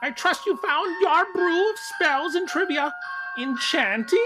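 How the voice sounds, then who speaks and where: A man voicing an old female witch in a high, theatrical put-on voice that slides toward a leprechaun lilt. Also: lively intonation, measured pace, music in the background. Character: cackling old female witch reading an outro.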